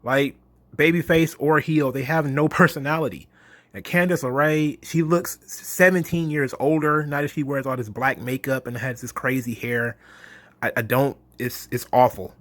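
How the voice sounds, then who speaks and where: A man's voice: medium pitch, fairly even intonation, normal speed, a bit bright, no room sound. A man ranting in a mocking, exasperated, profane monologue about wrestling. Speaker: wrestling commentary host.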